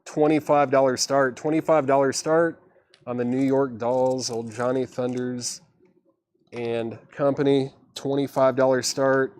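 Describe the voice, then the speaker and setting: A man's voice: medium pitch, a little mellow. A man hosting a live vinyl record sale stream, calling out records, prices and auction bids in a casual, chatty patter. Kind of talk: livestream auctioneering.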